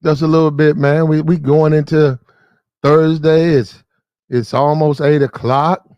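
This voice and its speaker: Man, commentary host, preachy, repetitive, slightly high voice, dry close sound. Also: flat delivery, unhurried, darkish tone, smooth, dry recording, lo-fi sound. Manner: preachy, repetitive, addresses people directly. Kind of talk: casual opinion commentary.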